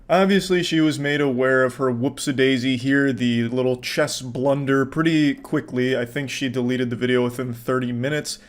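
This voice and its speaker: Male reaction host, deadpan, dry, swears freely. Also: mid-range voice. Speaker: online video reaction host. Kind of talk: sarcastic reaction commentary.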